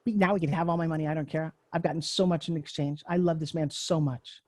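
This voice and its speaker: A woman in her sixties giving a live online class as a pitch coach, in a chatty, joking, candid storytelling way over a video call. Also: fairly even intonation, fast, a little mellow, no room sound, clean studio sound. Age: 60s.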